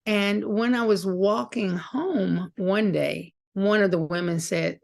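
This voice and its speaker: A woman's voice: mid-range voice, moderate pace, creaky, hardly any pauses. A middle-aged woman, a guest on an interview show, telling stories animatedly and acting out the voices of the people in them. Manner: animated storyteller acting out quoted dialogue. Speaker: guest, author. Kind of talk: storytelling interview.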